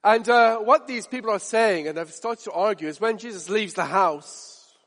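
A man's voice: high voice, normal speed, a bit bright. A man preaching a sermon, emphatic, building his point with repetition and rhetorical questions. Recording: long reverb of a hall.

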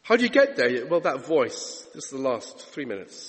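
A man's voice: mid-range voice, sing-song, moderate pace. A man preaching a sermon with a dramatic delivery, stretching out key words. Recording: long echoey church reverb.

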